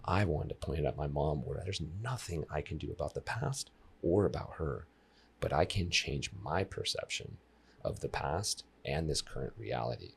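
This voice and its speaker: A man in his thirties speaks in a very low, gravelly register with a husky edge. He is a guest on a podcast and tells his stories with energy, turning now and then to speak straight to the listeners. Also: normal speed. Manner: animated storyteller who addresses listeners directly. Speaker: life coach guest. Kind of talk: casual podcast interview.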